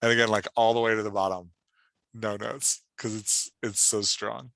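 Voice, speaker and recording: A man's voice: on the low side, fairly even intonation, moderate pace, gravelly, fairly bright tone, no echo. A man hosting a podcast and giving casual, encouraging feedback on a writer's dialogue, talking loosely with lots of filler words. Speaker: podcast host and writing coach.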